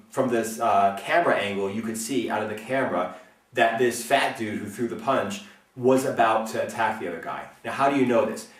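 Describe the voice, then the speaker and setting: A man explaining self-defense as an instructor, speaking earnestly and often checking in with a quick "okay?". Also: lowish voice, distant mic. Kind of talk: instructional talk. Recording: roomy, mic set back from speaker.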